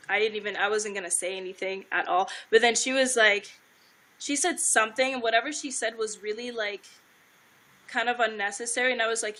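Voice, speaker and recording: Chatty young woman, bright voice. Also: a little high, steady tone, normal speed, poor audio. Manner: rambling, heavy filler "like", swears freely. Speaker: guest telling her side. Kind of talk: casual livestream storytelling.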